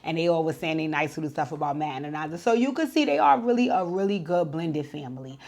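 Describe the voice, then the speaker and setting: A woman's voice: deep voice, quick pace. A woman giving a casual, chatty recap of a reality show, retelling scenes and acting out what people said. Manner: chatty, animated retelling with acted-out quotes. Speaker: TV show reviewer.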